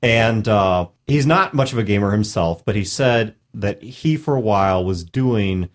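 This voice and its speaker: Animated man telling a funny story. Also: lowish voice, measured pace. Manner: animated storyteller, laughs often. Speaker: podcast host. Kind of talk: casual chat.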